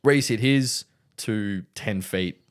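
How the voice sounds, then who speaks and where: A man's voice: on the low side, slow, smooth. A young man on a casual podcast, telling a rambling story and checking in with "right?" again and again. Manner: rambling storyteller, full of "right?" and "like", laughs hard at his own story. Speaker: podcast co-host. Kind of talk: casual chat.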